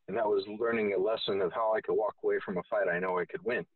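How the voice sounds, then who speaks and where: Husky man swearing, tinny phone sound. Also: lowish voice, fairly even intonation, fast talker, dry recording, recorded from a distance. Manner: rambling, heavy swearing. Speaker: guest. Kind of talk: casual storytelling.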